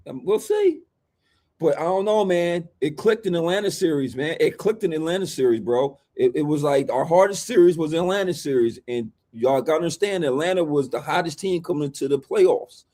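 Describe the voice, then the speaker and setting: A high-voiced man talking basketball with a hyped, preachy swagger. He speaks, and his delivery keeps rising into loud, animated riffs. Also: a little fast. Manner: hyped, preachy, swings into shouting impressions. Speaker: podcast co-host, basketball fan. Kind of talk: animated sports chat.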